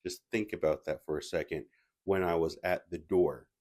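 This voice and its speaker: A man's voice: sits low, fairly even intonation, normal speed, darkish tone. A man casually telling a personal story as a movie reviewer, rambling with restarts and asides.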